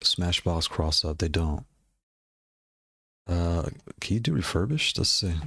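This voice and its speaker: A man's voice: low voice, animated, slow pace, pushed and bright, husky, no room sound, studio quality. A man casually talking through gaming controller prices, rambling and repeating himself with frequent laughs. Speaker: gaming hardware streamer. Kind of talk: casual product commentary.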